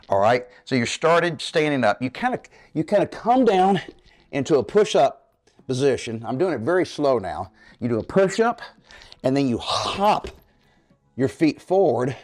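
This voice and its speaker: A man's voice: medium pitch, a little mellow. Middle-aged guy coaching a home workout, winded, keeps saying okay guys, medium voice. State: out of breath while exercising. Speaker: fitness coach. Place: home living room.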